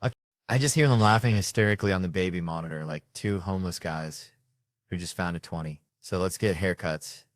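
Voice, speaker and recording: A middle-aged comedian with a deep voice speaks fairly quickly through brash, foul-mouthed parenting stories, voicing his children's quotes himself. The studio recording is clean with no echo.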